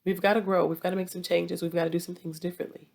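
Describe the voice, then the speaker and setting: A woman's voice: fairly low pitch, flat delivery, racing, gravelly, darkish tone. A woman with a Southern US accent hosting a relationship advice talk, speaking directly and repeating points for emphasis. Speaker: relationship advice podcast host.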